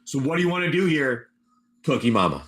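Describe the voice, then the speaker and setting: A man's voice: mid-range voice, big pitch swings, brisk, a bit bright. A man hosting a live stream who narrates a tabletop wasteland adventure as game master, rambling loosely and calling on his players by name.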